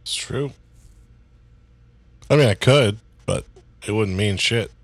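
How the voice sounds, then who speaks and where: A man's voice: fairly low pitch, slow pace, no echo. A man co-hosting a podcast in casual chat, joking and playful.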